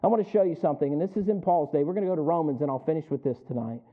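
A man's voice: on the high side, very fast. A man preaching a sermon in a church, folksy and joking, often quizzing the congregation. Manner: folksy, asks the congregation questions and jokes. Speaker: pastor. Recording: tinny phone-like sound.

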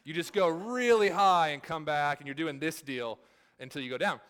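A man in his thirties preaching a sermon, telling a family story in a relaxed, conversational way with many filler words. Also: fairly high pitch, moderate pace, clean tone. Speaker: pastor.

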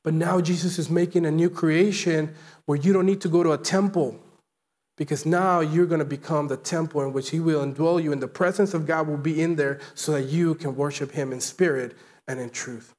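A man's voice: a little high, fairly even intonation, brisk, darkish tone. A man preaching a sermon as pastor, earnest and emphatic, driving his points home with repeated phrases.

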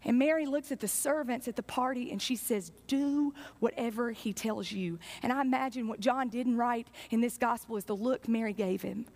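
High-voiced woman preaching with passion. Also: a little fast, few pauses, darkish tone. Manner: impassioned storytelling with repetition. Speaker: pastor. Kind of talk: sermon.

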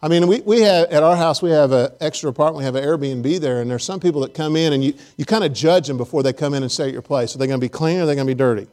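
A man preaching a sermon in a relaxed, conversational way, joking and talking directly to his congregation. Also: a little high, very fast, hardly any pauses. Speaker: pastor. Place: church service.

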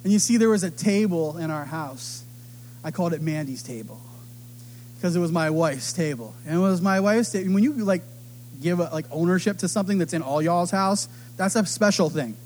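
A middle-aged man preaching a sermon, telling stories with animated delivery and acting out the voices of others. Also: on the high side, normal speed, a little hiss or hum. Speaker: pastor.

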